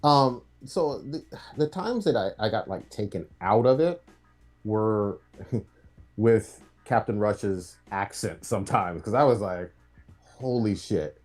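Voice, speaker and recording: A man's voice: fairly low pitch, expressive, a little slow, darkish tone, faint music behind. A man co-hosting a livestream podcast, giving blunt, profane criticism in casual chat. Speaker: podcast co-host.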